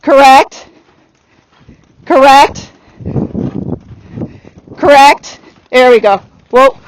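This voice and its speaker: A woman's voice: sits high, drawn-out words, slight background noise, rough recording. A woman horse trainer giving a riding lesson outdoors, coaching directly and laughing now and then.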